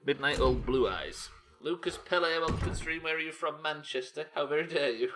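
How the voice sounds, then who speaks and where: This man, a streamer from Yorkshire, England, plays a game and chats with viewers casually, joking and asking questions aloud in a Yorkshire accent. His voice is a little high, a bit bright, and fairly quick, with a little hiss or hum.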